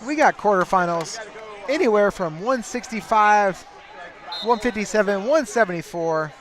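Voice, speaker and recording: A man calling live wrestling play-by-play in an arena, surging into excited shouting on big moves. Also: sits high, moderate pace, some chatter behind. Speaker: play-by-play commentator. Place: tournament arena.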